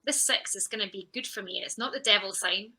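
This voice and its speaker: A woman guest on a podcast, relaxed and chatty. Her voice is very bright and sharp. She tells her story with animation and slips into her own past thoughts as she goes. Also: medium pitch, fairly quick, rough recording. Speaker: guest, champion sprinter. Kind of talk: conversational podcast interview.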